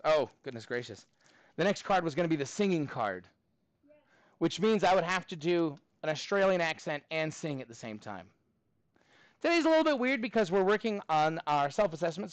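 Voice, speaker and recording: A man teaching a middle school math class, talking in a playful, animated way with many fillers. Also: high-pitched, no room sound, rough recording. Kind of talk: classroom lesson.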